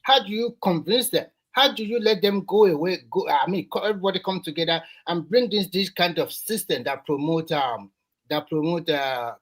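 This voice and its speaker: A man speaks as an activist on a live discussion panel. He argues emphatically, circles back to his points and pushes his voice up when heated. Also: on the high side. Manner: emphatic, repeats himself, gets loud.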